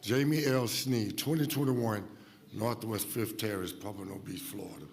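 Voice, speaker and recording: Emotional man speaking at a public meeting. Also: fairly low pitch. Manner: emotional, halting, trailing off quietly. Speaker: public commenter. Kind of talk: public comment at a city meeting.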